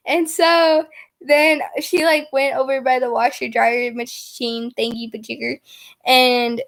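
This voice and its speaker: High-voiced giggly young woman rambling. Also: steady tone, measured pace. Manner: giggly, rambling, heavy use of filler words. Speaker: vlogger. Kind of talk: casual storytime chat.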